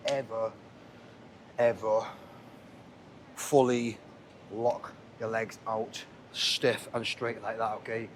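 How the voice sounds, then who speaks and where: Chatty gym coach in a noisy gym. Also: male voice, mid-range voice. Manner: chatty, coaching, keeps checking in with "okay, lads?". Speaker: fitness instructor. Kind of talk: casual workout tutorial. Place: indoor gym.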